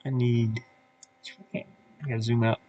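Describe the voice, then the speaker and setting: A man talking slowly and unhurriedly in a casual live stream, half to himself as he works. He mutters and thinks aloud, trailing off with fillers. His voice sits at an ordinary middle pitch. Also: little pitch movement, mellow, lo-fi sound, a little hiss or hum. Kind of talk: casual live-stream commentary while working. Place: his van.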